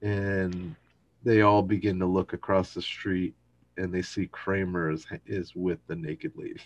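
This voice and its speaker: A man's voice: low voice, normal speed, no echo, muffled recording. A man casually retelling a sitcom episode, acting out the characters' lines as he goes. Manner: animated retelling, acts out quoted lines. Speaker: podcast co-host recapping an episode.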